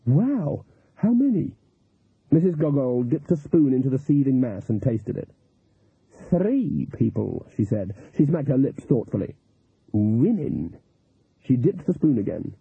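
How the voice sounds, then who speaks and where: A man narrating an audiobook in an expressive, lively storytelling manner. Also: mid-range voice, brisk, vocal fry, few pauses, breathy edge, no echo. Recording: tinny, phone-like, dry audio.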